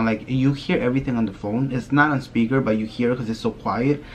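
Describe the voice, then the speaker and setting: A young man vlogger telling a spooky story in a casual, rambling way, often dropping his voice low and filling with "like". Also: steady tone, brisk, few pauses, slight background noise. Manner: rambling, hushed telling with many "like" fillers.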